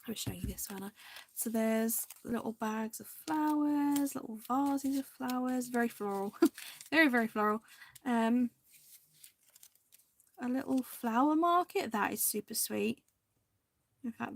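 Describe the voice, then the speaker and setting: A woman hosting a crafting video, chatting casually and indecisively to viewers, now and then dropping into soft half-whispered asides. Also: fairly high pitch, creaky.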